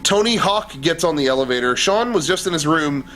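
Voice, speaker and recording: A man's voice: on the high side, expressive, fairly quick, a bit bright, a little hiss or hum. A man co-hosting a podcast from a hotel room, telling stories animatedly and mimicking other people. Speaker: podcast co-host. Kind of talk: casual chat.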